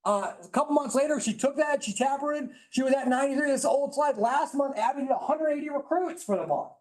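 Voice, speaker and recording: A man giving an emphatic, preachy, high-energy motivational talk to a live audience, at times yelling. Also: a little fast. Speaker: motivational speaker at a business training. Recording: roomy echo in a hall.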